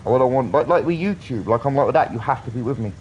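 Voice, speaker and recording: A man's voice: medium pitch, lively intonation, rapid-fire, darkish tone, lo-fi sound, a little hiss or hum. A British man in his thirties rambling earnestly in a casual live-stream chat, swearing often. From Britain.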